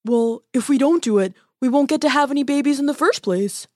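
Woman doing an excitable young prince, high-pitched, eager, casual, storybook reading. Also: a little fast, dry recording, clean studio sound, natural voice.

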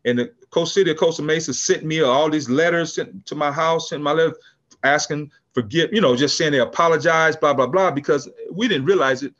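An older man from California with a high-pitched voice tells a story in a relaxed interview. He is lively and restarts his sentences often, slipping into other people's voices as he goes. The sound is dull and lo-fi. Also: brisk. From California, USA. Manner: animated storyteller, acts out quotes, frequent restarts. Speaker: podcast guest, business founder.

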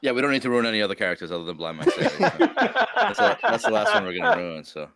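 A man's voice: mid-range voice, huge pitch swings, quick pace, creaky, a bit bright. A man hosting a podcast, teasing his guests and laughing often, with some swearing. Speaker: podcast host. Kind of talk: casual chat.

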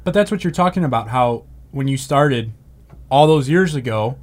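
A man's voice: medium pitch, lively intonation, moderate pace. A man interviewing a colleague in casual chat, prodding him with encouraging questions.

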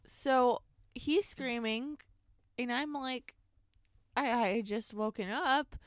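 A young woman chatting as a podcast guest, recounting a story with lively energy and easy laughter. Her voice sits a little high and sounds dry and close. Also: slow pace, no room sound. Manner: animated storyteller, laughs easily. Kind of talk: casual chat.

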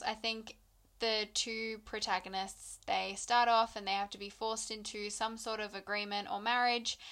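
A young woman with a slightly higher voice chats casually, retelling a novel scene by scene. She is playful and laughs easily as she acts out the characters in quick asides. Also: fairly bright tone. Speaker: book podcast co-host. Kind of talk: casual chat recapping a novel.

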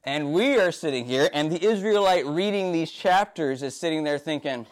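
A man with a fairly high-pitched voice delivers a sermon as the preacher. He talks in a loose, conversational way and keeps checking in with his listeners. When he retells the story, he slips into the characters' voices. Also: lively intonation, moderate pace, hardly any pauses. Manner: conversational, often tags "right?". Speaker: pastor.

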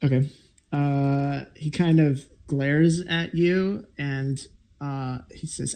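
A man narrating as game master of a tabletop game, talking haltingly with many fillers. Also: a little high, fairly even intonation, warm tone.

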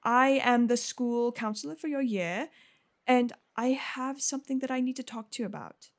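A woman plays a kindly witch counselor in a tabletop fantasy game, pitched a little high. She gushes and rushes her words, then catches herself with an apology. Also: close to an everyday voice. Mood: gushing. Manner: gushing, talks fast then apologizes. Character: warm, chatty female school counselor witch.

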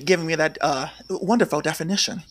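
A young man hosting a podcast, chatting about reality TV gossip in an animated, sassy way with sudden shrill outbursts. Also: quick pace. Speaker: podcast host. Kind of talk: casual gossip chat.

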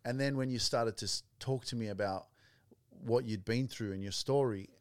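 A man's voice: mid-range voice, moderate pace, smooth, dry recording. A man hosting a casual podcast interview, speaking earnestly and addressing listeners directly. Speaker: podcast host.

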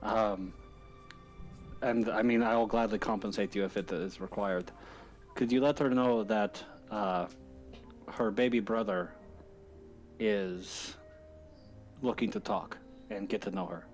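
A man's voice: fairly low pitch, measured pace, pauses often, soft background music. A man playing a tabletop game, speaking politely with hesitations. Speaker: player.

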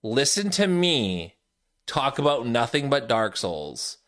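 A man's voice: medium pitch, sing-song, slow, a bit bright. A man hosting a gaming podcast in casual chat, teasing, laughing often, and setting up would-you-rather questions. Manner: laughing, teasing, sets up games. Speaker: podcast host.

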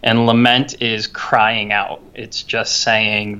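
A man's voice: lowish voice, little pitch movement, slow pace, hardly any pauses, pushed and bright, smooth. A man co-hosting a podcast, talking in an earnest, reflective way and often restarting his phrases. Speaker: podcast co-host. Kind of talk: casual podcast discussion.

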